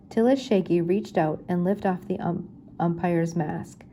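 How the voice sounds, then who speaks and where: An older woman reading a children's chapter book aloud in a gentle, unhurried storytelling manner. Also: fairly low pitch, a little hiss or hum. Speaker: reader.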